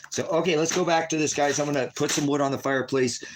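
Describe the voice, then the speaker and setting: At home beside a wood stove, a man livestreams an angry rant, taunting the people in his chat with profanity. His voice is on the high side, steady in tone, and fairly quick, with a noisy background.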